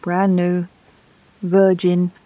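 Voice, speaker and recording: A woman's voice: fairly low pitch, monotone, very slow, warm tone, rough recording. A woman, chatting casually and thinking aloud as she reviews art supplies.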